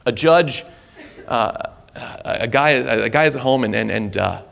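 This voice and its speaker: A man preaching a sermon, telling a story in an animated, conversational way that is full of restarts. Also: medium pitch, unhurried, gravelly.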